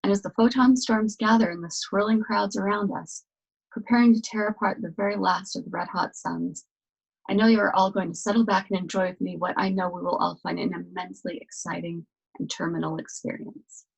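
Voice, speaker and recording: A woman's voice: mid-range voice, fairly even intonation, brisk, gravelly, breathy edge, low-quality recording. A woman reading a showy male compère who speaks in a grand, effusive manner.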